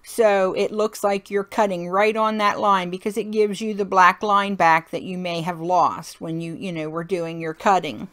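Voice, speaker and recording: A woman's voice: on the low side, fairly even intonation, moderate pace, hardly any pauses, fairly bright tone. Chatty woman narrating a crafting tutorial. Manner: chatty and folksy, laughs often. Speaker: card-making tutorial host.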